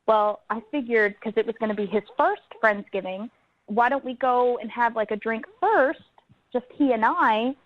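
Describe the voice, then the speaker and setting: A woman's voice: on the high side, moderate pace. Chatty woman caller on a dull phone line. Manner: giggly, chatty storytelling. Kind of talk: phone-in chat.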